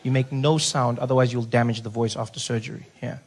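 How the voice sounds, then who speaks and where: A middle-aged man from South Africa performing a stand-up routine, telling a story in an animated way, acting out other voices and dropping to a soft hush for jokes. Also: medium pitch, fast talker. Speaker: stand-up comedian. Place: stage.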